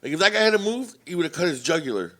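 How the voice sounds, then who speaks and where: A young man tells stories on a podcast in a loose, profane way, jumping into the voices of the people in them. His voice sits a bit high for a man, and he keeps the talk lively. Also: fast talker. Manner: profane, animated storyteller acting out quotes. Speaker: podcast host. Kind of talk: casual storytelling.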